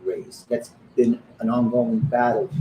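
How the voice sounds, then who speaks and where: A middle-aged man tells a story with blunt, animated energy. He acts out every line of the quoted dialogue. He sits in a roomy, echoing back room with clear construction banging and ambient noise behind him. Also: mid-range voice, unhurried. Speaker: pizzeria owner. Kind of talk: storytelling in an interview.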